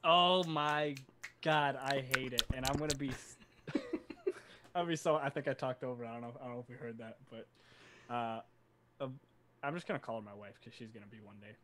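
A man's voice: medium pitch, sing-song, normal speed, pauses often, background noise. A man co-hosting a casual podcast chat, blunt and laughing often, swearing freely as he vents. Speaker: podcast co-host.

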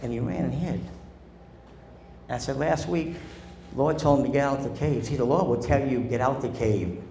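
A man's voice: medium pitch, moderate pace, creaky, long pauses, dark tone, reverberant, slight background noise. A man preaching a sermon as pastor, calling for responses from the congregation and acting out quoted voices. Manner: preachy call-and-response, asking the congregation to answer. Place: church sanctuary.

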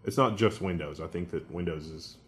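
A low-pitched man co-hosting a casual tech news show. He explains the hardware details knowledgeably, laying out the technical points for viewers. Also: fairly quick.

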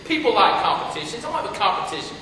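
A man voicing a proud king who loudly announces a contest, heard from far off in an echoey hall. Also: high voice, big pitch swings, racing, a little hiss or hum, heavily acted. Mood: proclaiming. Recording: echoey hall, distant mic.

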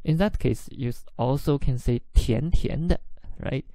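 Slow, gravelly-voiced male language teacher. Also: medium pitch, mellow, dry recording. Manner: explains words slowly, mixing in example phrases. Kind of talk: podcast language lesson; reading a diary aloud.

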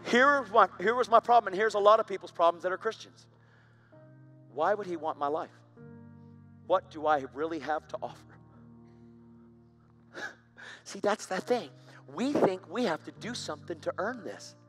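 A man's voice: sits high, lively intonation, moderate pace, pauses often, bright, forceful tone, soft background music. A man preaching, telling his own story in an intense, dramatic way. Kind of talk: sermon testimony.

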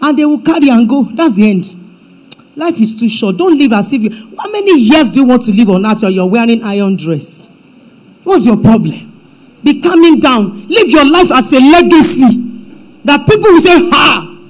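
A woman pastor with a Nigerian accent preaching a sermon in church, emphatic and swinging between loud declarations and hushed asides. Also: high-pitched, animated, moderate pace, rough recording.

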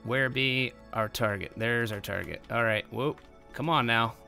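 A young man giving casual let's-play commentary, excitable and bursting into loud exclamations. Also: mid-range voice, unhurried, vocal fry, soft background music. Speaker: gameplay commentator.

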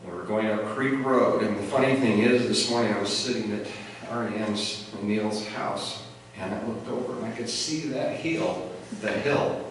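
A man's voice: on the low side, steady tone, moderate pace, hardly any pauses. A middle-aged man giving an earnest, reflective funeral eulogy for a family member, with light laughter. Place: funeral chapel. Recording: echoey hall from far off, noisy.

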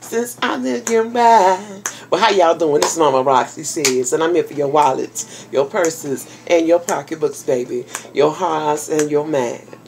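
Low-voiced grandmother chatting to viewers. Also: moderate pace, background noise. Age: older. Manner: folksy, salty, talks straight to viewers with endearments. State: tired. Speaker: vlogger. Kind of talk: casual vlog chat. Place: home office.

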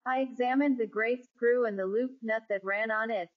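A woman narrating a classic ghost story in a measured, even storytelling manner. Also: fairly high pitch. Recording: dull lo-fi recording.

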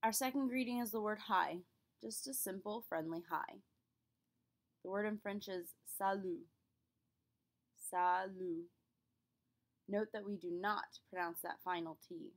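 A young woman teacher explaining a lesson clearly and patiently, with spoken examples for students. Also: medium pitch, moderate pace. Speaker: French teacher. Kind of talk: classroom lesson.

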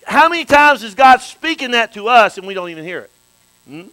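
A man preaching a sermon as a bishop, dropping to hushed storytelling and rising to shouted praise. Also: very high voice, sing-song, a little fast, dry recording, poor audio.

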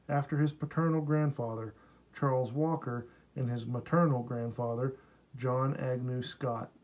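Mellow male audiobook narrator. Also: mid-range voice, rough recording. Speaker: audiobook reader. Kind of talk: scripted narration.

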